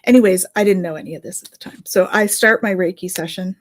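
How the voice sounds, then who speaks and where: A middle-aged woman, a Reiki healer and medium, casually telling a story in a chatty, animated way. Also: on the low side, fast. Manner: chatty, animated, with fillers and laughs.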